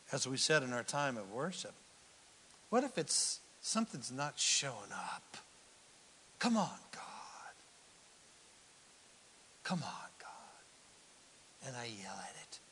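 A man preaching a sermon, animated, swinging from loud lines to whispered asides. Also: on the high side, long reverb tail, a little hiss or hum. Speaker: pastor.

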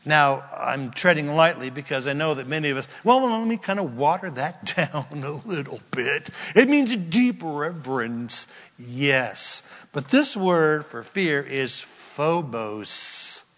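A man preaching a sermon as a pastor, stressing key words with drawn-out emphasis. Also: on the high side, animated, fairly bright tone. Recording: long reverb of a large hall.

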